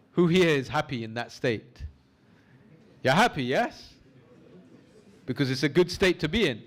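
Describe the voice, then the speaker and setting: A man leading a training course, lecturing a class, asking the audience questions and slowing down for emphasis as he guides them through an imagined scene. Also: fairly high pitch. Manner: lively teaching, asks the audience questions; slows down for emphasis in guided imagery. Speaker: course instructor.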